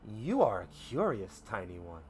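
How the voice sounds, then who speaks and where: A man voicing a huge ancient sky whale, speaking slowly and solemnly. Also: wildly swooping pitch, slight background noise. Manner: slow, solemn, booming.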